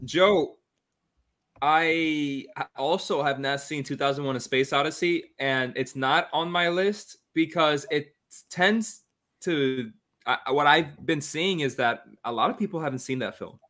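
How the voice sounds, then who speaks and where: A man with a bright, forceful voice hosts a casual movie podcast. He is upbeat and laughs easily as he moves the talk along. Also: on the high side, unhurried. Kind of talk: casual chat.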